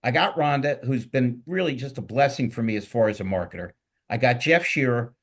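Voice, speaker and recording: A man's voice: medium pitch, expressive, a little fast, fairly bright tone. A middle-aged man with a Philadelphia accent hosting a casual panel show, rambling and joking with energy. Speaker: podcast host.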